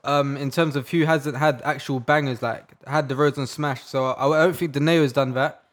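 A man's voice: medium pitch, fairly even intonation, normal speed. A man co-hosting a podcast, firmly arguing his opinions in a casual debate. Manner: argues his point firmly. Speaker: podcast co-host.

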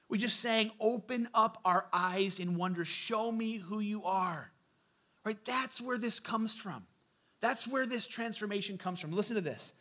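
A man's voice: high voice, animated, moderate pace, pushed and bright. A man in his forties preaching a sermon in a loose, conversational way, with asides to the congregation. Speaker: pastor.

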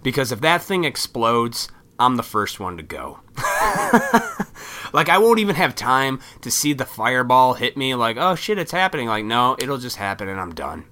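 A man casually telling a rambling travel story, profane and animated, slipping into voices when quoting people. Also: mid-range voice, normal speed, hardly any pauses.

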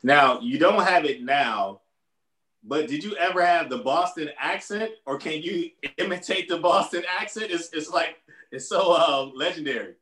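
Interview host in an echoey room. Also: male voice, a little high, expressive, normal speed, fairly bright tone. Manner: laughs along, short prompts. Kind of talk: casual interview questions.

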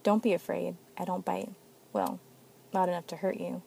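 A woman's voice: fairly low pitch, big pitch swings, moderate pace, creaky, warm tone, a little hiss or hum, heavily acted. Woman playing a sly fanged stranger. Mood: sly menace. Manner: cool, teasing. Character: sly fanged man, cool and menacing.

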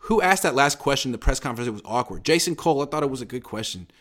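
A man co-hosting a podcast in casual sports chat, emphatic and animated, often restarting his sentences. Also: medium pitch, rapid-fire. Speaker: podcast co-host.

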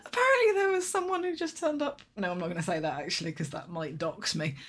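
A woman's voice: on the low side, animated, quick pace, a crowd in the background. A woman co-hosting a podcast, chatting thoughtfully with lots of hedging. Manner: thoughtful, hedging, laughs often. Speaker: podcast co-host. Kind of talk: casual chat.

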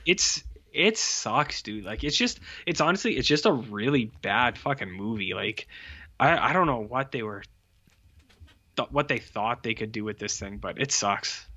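A man's voice: medium pitch, lively intonation, normal speed, bright, forceful tone. Man, casual movie rant, swearing and rambling, slightly dull lo-fi sound. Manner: rambling, profane, lots of "like" fillers. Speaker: podcast co-host. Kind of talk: casual movie review chat.

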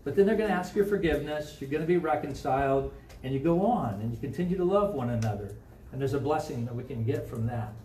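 Conversational Midwestern pastor preaching in an echoey church. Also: male voice, mid-range voice, animated, fast talker, mellow, slight background noise. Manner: conversational, asks the congregation questions. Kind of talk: sermon. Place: church sanctuary. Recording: echoey room, mic from a distance.

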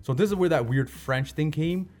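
A man's voice: a little high, normal speed, darkish tone. Slangy Canadian man telling stories. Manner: loose, slangy storytelling with many restarts. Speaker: guest, comedian and chef. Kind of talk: casual interview chat.

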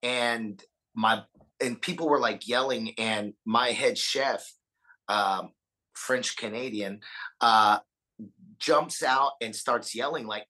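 A man's voice: medium pitch, slow pace, pushed and bright, low-quality recording. A man speaking as a podcast guest in casual conversation, earnest, often repeating and restarting words and swearing freely. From Austin, Texas. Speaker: podcast guest, punk singer.

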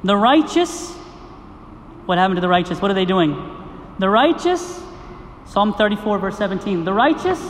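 A priest giving a sermon at a liturgy, preaching with rhetorical questions, repetition and storytelling to the congregation. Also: male voice, high-pitched, animated, normal speed, pauses often. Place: gym used for a liturgy. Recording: echoey gym with long reverb and faint noise.

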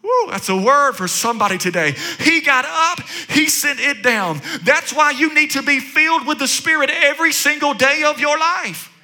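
A man preaching with a very high, piercing, bright voice that swings up and down with animated energy. He drives his points home through rhythmic repetition and calls out to the congregation. Joking asides break up the sermon. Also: normal speed, hardly any pauses. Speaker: pastor.

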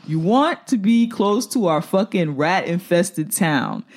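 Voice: mid-range voice, expressive, slow. Blunt New podcast co-host. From New York. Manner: backs up co-host, profane, blunt. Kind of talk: casual podcast chat.

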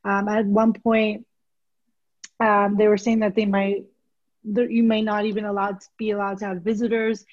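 A woman co-hosting a podcast, talking candidly in casual chat, often pausing on "um". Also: medium pitch, flat delivery. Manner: candid, lots of "um" fillers. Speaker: podcast co-host. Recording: dull lo-fi podcast recording.

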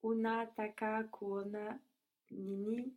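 A woman's voice: mid-range voice, little pitch movement, slow pace, phone-quality sound. A woman learning a language, answering prompts carefully and tentatively, sometimes restarting a word.

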